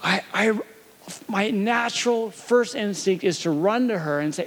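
High-voiced pastor telling a family story. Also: male voice, measured pace. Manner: storytelling, gentle, talks to his little daughter. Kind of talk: sermon.

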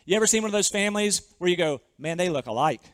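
A man preaching a sermon, reading scripture aloud and stressing key words slowly, with frequent rhetorical questions to the congregation. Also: sits high, animated, no echo. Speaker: pastor.

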